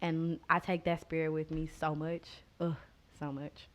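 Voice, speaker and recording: A woman's voice: sits low, flat delivery, a little slow. A woman from Oklahoma who performs spoken word poetry and talks in a heartfelt, earnest way. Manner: heartfelt, earnest, and loud with laughter when chatting. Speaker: spoken word poet, guest.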